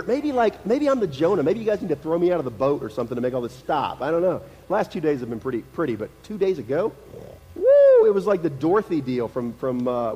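A man with a high voice preaches a sermon, talking to the congregation as if chatting while hammering home his points. He repeats key phrases for emphasis, and his voice rings with the long reverb of a church hall. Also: a little mellow. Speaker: pastor. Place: church sanctuary.

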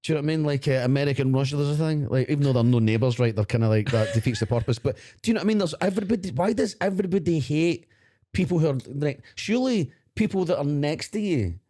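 A Scottish man co-hosting a podcast, chatting casually as an animated storyteller who laughs often and swears. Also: fairly high pitch, quick pace. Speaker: podcast co-host. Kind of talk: casual chat.

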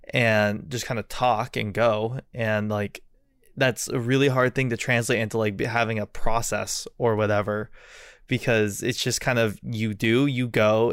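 A man's voice: fairly low pitch, a bit bright, clean tone, no echo. Male podcast host, casual, rambly, lots of "like" and cursing, dry close mic. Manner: rambling, swears a lot, many fillers. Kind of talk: casual chat.

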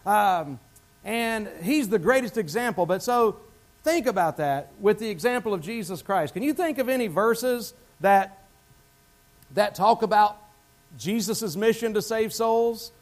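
A man's voice: high voice, a little slow. A male pastor preaching a sermon in a church, talking conversationally and asking the congregation questions.

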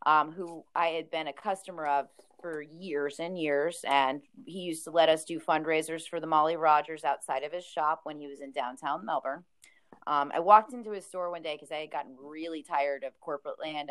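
A woman who owns a record store, chatting casually as a podcast guest, laughing often and acting out quotes. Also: low voice.

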